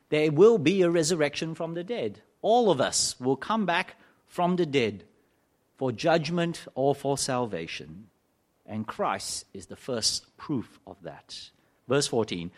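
A male preacher giving a sermon in a church, conversational, with questions to the congregation and wry asides. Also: medium pitch.

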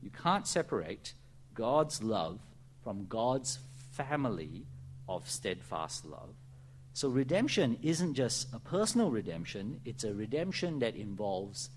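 A man preaching an earnest expository sermon, often slowing down to dwell on key phrases. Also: fairly low pitch, a little hiss or hum.

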